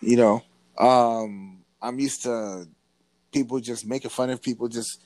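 A man in casual podcast conversation, telling a story with energy and often breaking off to restart his sentences. He has a mid-range male pitch. The recording is dry and close, with no room sound. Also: measured pace, no echo. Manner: animated storytelling with frequent restarts. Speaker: podcast co-host.

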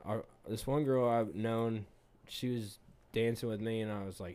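A man's voice: lowish voice, expressive, brisk, dark tone. A man casually telling bar-fight stories, rambling and profane, laughing often and acting out what everyone said. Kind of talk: casual storytelling chat.

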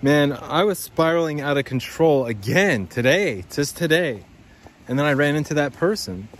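A man's voice: a little high, expressive, normal speed, slight background noise. Rambling profane man talking while walking outside. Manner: rambling, profane, talks to listeners as guys. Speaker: podcast host. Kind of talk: rambling walk-and-talk monologue. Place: outdoors by a creek.

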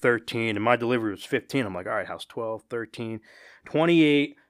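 A male podcast guest tells a story at an easy, rambling pace, voicing his own thoughts along the way. His voice sits at a middle pitch, and the sound is dry and close. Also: brisk, dry recording. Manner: relaxed, rambling talker who quotes his own thoughts. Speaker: podcast guest, former delivery driver turned private investigator. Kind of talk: casual chat, storytelling.

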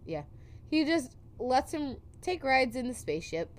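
A woman's voice: high voice, measured pace, a little hiss or hum. A woman co-hosting a casual chat, telling a story and acting out the quotes with laughs. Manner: animated, acts out quotes with laughs. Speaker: podcast co-host telling a story.

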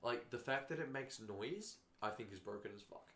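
A man's voice: medium pitch, animated, normal speed, fairly bright tone. A man hosting a casual gaming podcast, rambling, joking and swearing freely. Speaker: podcast host. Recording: roomy sound with faint noise.

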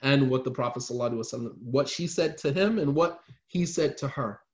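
A man's voice: medium pitch, quick pace. A man telling a religious story in a casual, slangy lecture style, repeating lines for emphasis.

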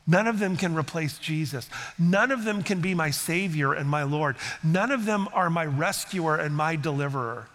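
A man's voice: fairly high pitch, normal speed, few pauses, fairly bright tone, long reverb tail. An older man preaching a sermon as a pastor, speaking conversationally and earnestly, sometimes acting out what people say. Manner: conversational, earnest, acts out quotes. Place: church sanctuary.

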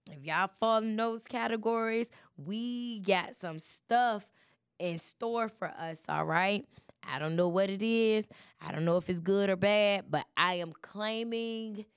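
A woman's voice: medium pitch, clean tone, no room sound, studio quality. A woman hosting her podcast in a chatty, preachy way, talking straight to her listeners. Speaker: podcast host. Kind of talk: casual chat.

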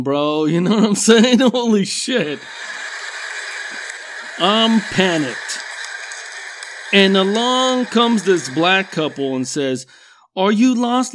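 A man's voice: sits high, noisy background. A middle-aged man from a Mexican-American background telling casual, profane stories in a rambling way, laughing at himself. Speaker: storyteller.

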